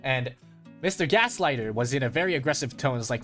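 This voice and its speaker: A man's voice: mid-range voice, fairly quick. A man streaming casual chat, telling a story with lots of swearing and acting out his friends' lines. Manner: animated, swearing, acts out friends' voices. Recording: faint guitar music behind.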